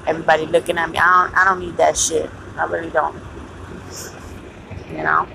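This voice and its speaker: A woman venting in a blunt, profane, casual monologue, breaking into loud laughs. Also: low voice, level tone, brisk, vocal fry, background noise.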